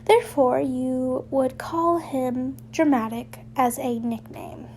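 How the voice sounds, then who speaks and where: A woman's voice: high-pitched, slow, darkish tone, slight background noise. A woman reading fan fiction aloud in a casual way, breaking off to make irreverent, swearing remarks about the text and laugh at it.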